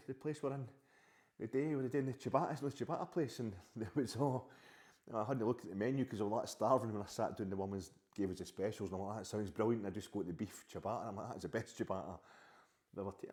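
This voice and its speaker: Fast-talking Scottish man, rambling. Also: medium pitch, animated, a little mellow. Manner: rambling, sheepish, talking back to an unseen wife. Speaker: podcast host. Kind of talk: comic sketch monologue.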